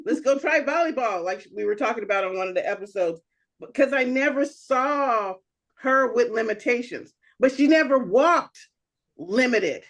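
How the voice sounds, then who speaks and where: A woman's voice: fairly high pitch, animated, normal speed. A woman co-hosting a podcast in casual chat, rambling with lots of "you know" and laughing often. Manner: laughs often while telling stories. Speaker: podcast co-host.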